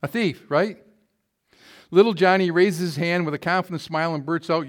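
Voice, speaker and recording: A man's voice: fairly high pitch, moderate pace. A man preaching in a church, telling folksy jokes and reading scripture with rising force. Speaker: pastor. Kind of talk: sermon with jokes.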